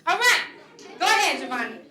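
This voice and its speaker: High, bright-voiced woman in an echoey hall. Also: fairly quick. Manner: energetic, coaxing, playful with children. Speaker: children's author visiting a school. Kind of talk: leading children at a school assembly. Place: large echoey school hall with children. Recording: echoey hall, faint crowd of children.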